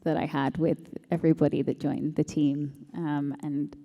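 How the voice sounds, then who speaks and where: A woman speaking on a convention panel in a reflective, measured way. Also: sits low, little pitch movement, vocal fry, dark tone, big-room sound, muffled recording. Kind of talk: panel discussion.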